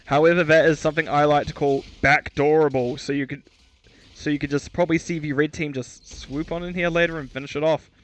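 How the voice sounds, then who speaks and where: A man's voice: on the high side, fairly even intonation, fairly quick. A man giving solo esports commentary, chatty and self-mocking, stumbling over player names and correcting himself. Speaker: esports caster.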